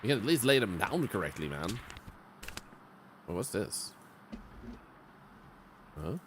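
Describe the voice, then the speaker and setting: A man's voice: on the low side, very animated, takes it slowly, a bit bright, a little hiss or hum. A man streaming a game, rambling and joking with sarcastic asides. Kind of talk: game commentary.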